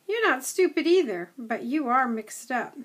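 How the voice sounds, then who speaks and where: A woman voicing an old male setter dog who is gruff, blunt and a know-it-all. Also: high-pitched, lively intonation, a little slow, exaggerated voice. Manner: blunt, scoffing, chatty.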